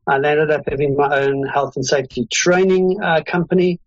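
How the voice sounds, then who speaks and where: A man's voice: a little high, normal speed, no room sound. A middle-aged man with a South African accent, a guest chatting in a casual, easygoing and rambling way in an interview. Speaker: guest, consultant. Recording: dull lo-fi audio.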